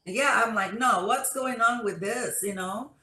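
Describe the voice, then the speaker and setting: A woman on a panel, telling her story in a lively, casual way with many restarts. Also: fairly high pitch, a little slow, reverberant, low-quality recording.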